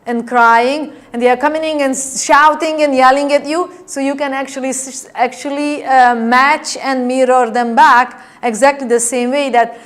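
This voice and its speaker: A woman NLP trainer lectures a class in a slightly high voice. She demonstrates each point by acting out changes in tone, and she keeps checking in with her listeners. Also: fairly even intonation, moderate pace, hardly any pauses. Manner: demonstrative, acts out tone changes and asks the class "right?".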